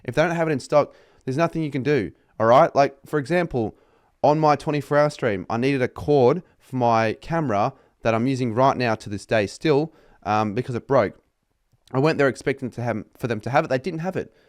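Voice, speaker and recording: A young man with an Australian accent vents about work in a casual, profanity-laced rant. He sounds exasperated and mocking, and his voice sits at an ordinary middle pitch. The recording is dry, with little room sound. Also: fairly quick, no echo. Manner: sweary, exasperated, mocking customers in put-on voices. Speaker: vlogger.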